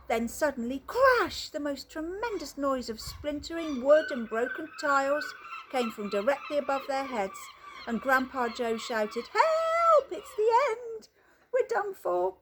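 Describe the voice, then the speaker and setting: A woman reading a children's book aloud outdoors, telling the story with expressive, animated delivery. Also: sits high, a little slow, background noise. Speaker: reader.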